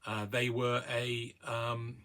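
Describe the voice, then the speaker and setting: A man's voice: medium pitch, level tone, takes it slowly, bright, forceful tone. A man hosting a casual record review, chatty and hesitant with many ums and uhs. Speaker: record collector host.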